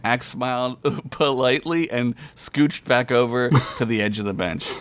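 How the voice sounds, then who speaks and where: A man's voice: moderate pace, clear, resonant tone. A man reading a comedic fantasy story aloud on a podcast, chuckling often as he goes. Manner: reads aloud with frequent chuckles, loud high character voices.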